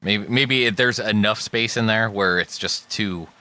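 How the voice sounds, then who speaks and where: American male co-host, very low and forceful, hesitant and wry. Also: measured pace, no echo. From United States. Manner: hesitant, filler-heavy, wry. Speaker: podcast co-host. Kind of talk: casual chat.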